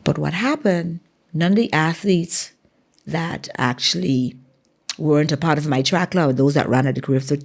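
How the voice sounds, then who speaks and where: A Bahamian woman tells stories from her running career as an interview guest. Her voice sits fairly low, with a gravelly fry and a husky, breathy edge. She is an animated storyteller who acts out the dialogue. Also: moderate pace. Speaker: guest, former track athlete.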